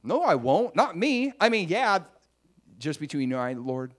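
A man's voice: on the high side, big pitch swings, normal speed, voice pushed up. A man voicing the disciple Peter as an eager, boastful man who insists on his loyalty. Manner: insistent, pleading, rising protestations.

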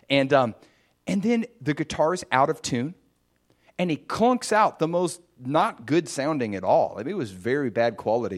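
A man preaching a sermon, lively and animated as he tells a dream story, with casual fillers. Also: fairly high pitch, moderate pace.

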